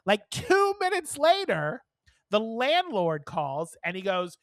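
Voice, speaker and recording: A woman co-hosting a podcast, telling a story in a casual, animated way, swearing freely and acting out the people she quotes. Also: on the low side, unhurried, no room sound. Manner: animated, profane, acts out quoted dialogue. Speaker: podcast co-host.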